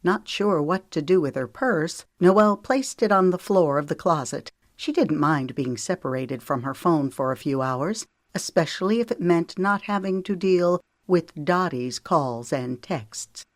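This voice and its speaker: A woman narrating an audiobook in a calm, measured storytelling manner. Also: low-pitched, dry recording, studio quality. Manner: calm, measured storytelling with lifted voices for dialogue. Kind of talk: scripted narration.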